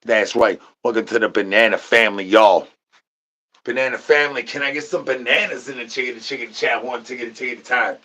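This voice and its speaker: A man's voice: mid-range voice, brisk, bright, forceful tone. A man livestreaming, rambling nonsense to his chat in a sing-song patter, repeating rhyming filler syllables and catchphrases.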